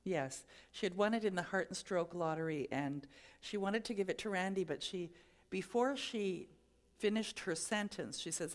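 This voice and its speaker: A woman minister, giving a sermon in a gentle, conversational storytelling way. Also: fairly low pitch, normal speed.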